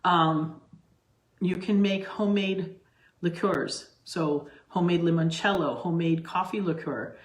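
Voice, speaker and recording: A woman's voice: lowish voice, fairly even intonation, measured pace. A middle-aged woman hosting her own cooking channel, chatting casually to camera from her home kitchen and rambling through asides and restarts. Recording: roomy, echoey kitchen sound.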